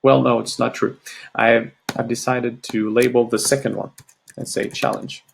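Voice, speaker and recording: Gravelly French Canadian man teaching. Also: mid-range voice, flat delivery, slight background noise. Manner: halting, apologetic, many fillers. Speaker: tutorial host. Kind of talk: screen-recorded software tutorial.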